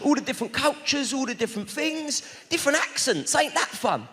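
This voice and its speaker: A man's voice: extremely high pitch, animated, fairly quick. A man doing stand-up, bantering cheekily with the crowd from a big theatre stage. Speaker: stand-up comedian. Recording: live theatre recording with long reverb. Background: loud audience laughter and noise.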